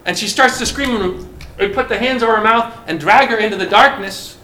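A high, bright male voice preaches a sermon to a gathered audience, asking rhetorical questions as he goes. The sound is roomy and echoes through the hall. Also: fairly quick. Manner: animated, asks the listeners rhetorical questions. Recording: roomy echo.

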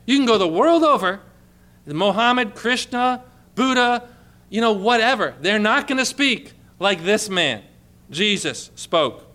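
A man preaching a sermon with passion, dropping to a hushed tone when quoting scripture. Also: high voice, animated, a little slow.

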